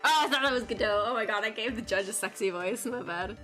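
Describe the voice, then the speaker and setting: A woman's voice: on the high side, quick pace, few pauses, bright, forceful tone, faint music behind. A young woman streaming a game, chatting casually, giggling and swearing often. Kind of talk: casual gameplay commentary.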